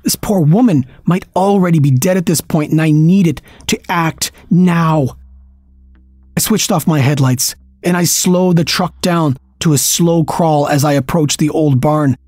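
A man narrating a first-person story in a steady, tense storytelling manner. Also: a little high, a little slow, no echo. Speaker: audiobook narrator.

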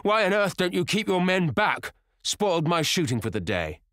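A short-tempered upper-class squire who barks and blusters, voiced by a man reading an audiobook. The voice is low and the sound dry and close, with no room around it. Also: normal speed, dry recording. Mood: angry shouting. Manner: shouting, brusque, impatient. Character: hot-tempered aristocratic male shooting host.

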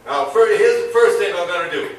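Man putting on a brash president, swaggering rant, high voice, echoey club, crowd laughter. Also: expressive, brisk, recorded from a distance, a little hiss or hum. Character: brash adult male president impression.

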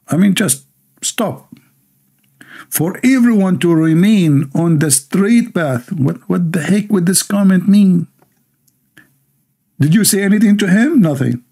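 A man's voice: high-pitched, warm tone, slightly rough. A man hosting a livestream, reading viewer comments aloud and mocking them with sarcastic asides and laughter.

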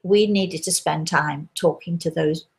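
Woman, fairly low voice, host, live talk, storytelling, hesitant, restarts sentences. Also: measured pace. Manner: hesitant, with many restarts and fillers. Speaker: host and spirit medium.

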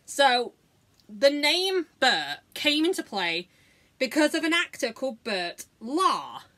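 A woman's voice: high-pitched, very animated, slow pace, sharp tone. A woman, chatting casually through a makeup tutorial, sweary, giggly and self-mocking. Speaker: beauty vlogger.

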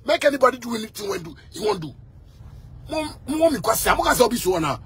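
A man with a Ghanaian accent and a notably high voice rants with fiery energy. He circles back over his points and often breaks into shouts. Faint noise hangs behind him. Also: sing-song, quick pace. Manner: fiery, repeats himself, bursts into shouting. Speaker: musician. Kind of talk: heated rant.

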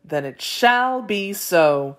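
A woman reading aloud, voicing a gentle, kind fairy godmother in a storybook. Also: mid-range voice, expressive, slow pace. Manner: gentle, soft-spoken.

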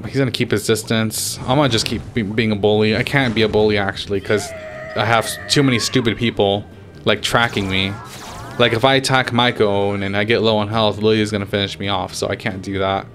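A man's voice: on the low side, a bit bright, a little hiss or hum. Frustrated young man swearing at a game. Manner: frustrated, swearing, trash-talking opponents. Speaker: gaming YouTuber. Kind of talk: casual gameplay commentary.

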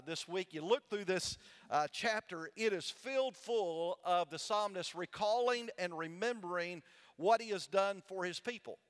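A male pastor with a high voice delivers a sermon in a big church sanctuary, his words ringing out with a long hall reverb. He preaches in call-and-response fashion, pausing on questions for the congregation to answer. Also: smooth. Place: large church sanctuary with balcony.

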